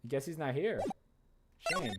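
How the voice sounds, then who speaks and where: A man chatting casually in a relaxed way while streaming a video game. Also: a little high, moderate pace, heavy background noise. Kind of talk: casual let's-play chat. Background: game music.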